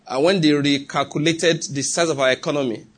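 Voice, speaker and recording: A man's voice: fairly high pitch, fairly even intonation, a little fast, fairly bright tone. A man with a Nigerian English accent preaching a sermon, emphatic and often asking whether the congregation follows. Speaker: pastor.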